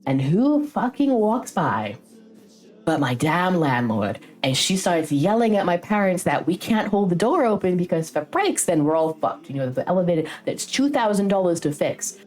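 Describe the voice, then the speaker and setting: A woman's voice: lowish voice, normal speed. A young woman streamer casually telling a long story, rambling and swearing freely as she goes. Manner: rambling, frequent swearing, lively retelling.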